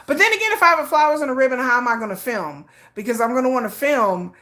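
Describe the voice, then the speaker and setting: Woman, livestream host, casual chat, lively swooping pitch, acts out dialogue. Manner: animated storytelling, acting out a friend's lines, frequent laughs; reads and answers viewer chat.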